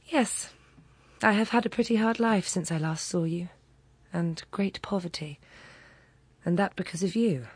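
A woman's voice: on the low side, measured pace, long pauses, darkish tone, breathy edge, dry recording. A woman reading the part of a poor, worn-down Frenchwoman who speaks earnestly and with rising emotion. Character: worn-down poor Frenchwoman, middle-aged, proud.

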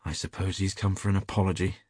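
A man voicing an earnest, easily flustered young English gentleman in a storybook reading, his pitch leaping upward when upset. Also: steady tone, quick pace, slightly rough, no echo, clean studio sound.

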